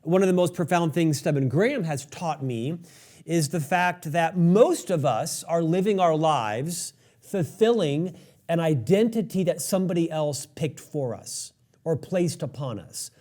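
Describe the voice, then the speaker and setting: A man hosting a podcast interview, setting up his questions in a measured way with a quote. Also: on the high side, expressive, dark tone. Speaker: podcast host.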